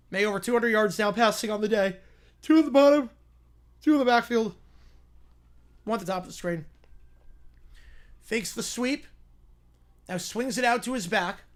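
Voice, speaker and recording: A man hosting a live stream, calling football play-by-play and answering viewer questions between plays. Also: high-pitched. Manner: rises and slows into excited calls on big plays, drops to quiet asides answering chat.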